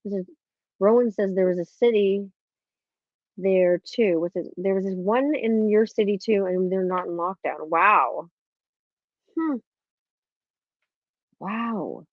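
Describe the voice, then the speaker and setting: A woman's voice: mid-range voice, unhurried, pauses often, no room sound. A woman hosting a casual live-stream podcast, telling stories in a chatty way, swearing freely and acting out what people said. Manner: chatty storytelling, swears freely, acts out quotes. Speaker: podcast host. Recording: tinny phone-like dry sound.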